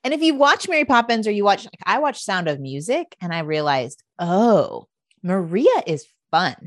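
A woman hosting a casual podcast chat, expressive in her banter. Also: medium pitch, a little fast, dry recording, studio quality. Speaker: podcast host.

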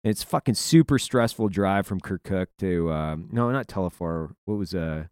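A man telling a profane, animated war-zone story in a casual chat, breaking into laughter. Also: deep voice, moderate pace, clear, resonant tone, no room sound, clean studio sound.

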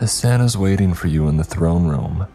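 Guy putting on a weak old goat granny, slow and grumbly, deep and dark underneath. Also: faint music behind. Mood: weary, blunt. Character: frail old goat-creature granny, wise and blunt.

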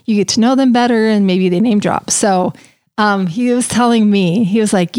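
A woman's voice: mid-range voice, moderate pace, a little mellow, smooth, dry recording, clean studio sound. A woman hosting a podcast, chatting casually and telling stories in a bubbly way. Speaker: podcast host. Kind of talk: casual chat.

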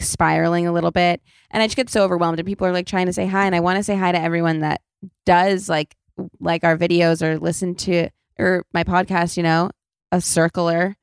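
A woman's voice: on the low side, vocal fry, clear, resonant tone, no room sound, studio quality. A young woman hosting a podcast, chatting in a rambling, self-deprecating way and swearing freely. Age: young adult. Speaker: podcast host. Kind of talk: casual chat.

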